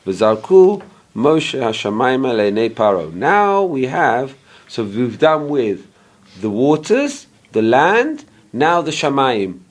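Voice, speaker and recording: A mid-range male voice with big pitch swings belongs to a Torah teacher running a casual Bible class. He takes the text one verse at a time, checks in with listeners, and sometimes stops to dig for an English word.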